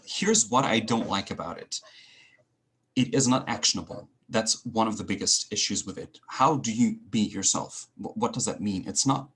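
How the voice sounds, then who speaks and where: A man who coaches public speaking, a guest in an interview, talking in an animated, ranting way with self-mocking humor. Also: on the low side, moderate pace, a little hiss or hum. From Switzerland and Greece. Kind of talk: conversational interview.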